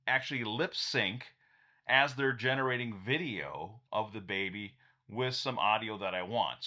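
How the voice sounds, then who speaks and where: Here a man with a medium-pitched, sharp voice explains a piece of tech via screen share. The tone is casual and upbeat, dotted with chuckles and restarted sentences.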